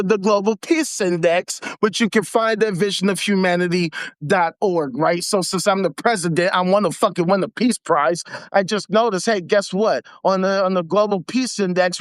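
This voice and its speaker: A self-important, clueless male leader boasts and fumbles for words, repeating himself, as a high-voiced man sends him up. The voice is close and dry. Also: dry recording, lightly acted. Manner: mock-proud, bumbling, repeating himself.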